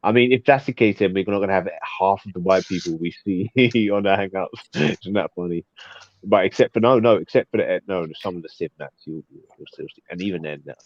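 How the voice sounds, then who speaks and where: Deep-voiced man, loose jokey call chatter, dull dry line. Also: brisk, dry recording. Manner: rambling, joking, frequent restarts. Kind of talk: casual group call chat. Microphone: video call.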